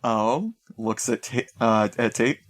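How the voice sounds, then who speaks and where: A man's voice: mid-range voice, slow. A man playing a character in a tabletop game, talking in a brash, confident way. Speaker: player. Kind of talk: tabletop role-play, in character.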